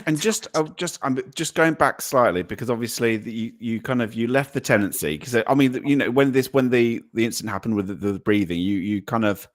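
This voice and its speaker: A man's voice: medium pitch, fairly quick, few pauses. A man hosting an interview on a video call, asking questions with many restarts and repeated words. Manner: hesitant, repeats words while framing questions. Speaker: host.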